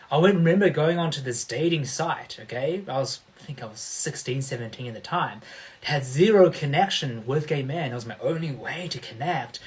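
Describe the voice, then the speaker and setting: Emphatic man coaching a livestream. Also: on the high side. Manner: emphatic, checks in with listeners. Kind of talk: motivational livestream talk.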